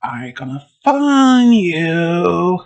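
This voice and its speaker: A narrator voicing a maniacal, knife-wielding male clown who taunts in drawn-out, cackling threats. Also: mid-range voice, sing-song, exaggerated voice. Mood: slow taunting.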